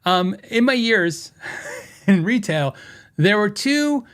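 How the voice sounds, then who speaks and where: A man's voice: sits high, expressive, slow, fairly bright tone, smooth. A man hosting a podcast, telling stories in a rambling, casual way and laughing often. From western United States. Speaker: podcast host.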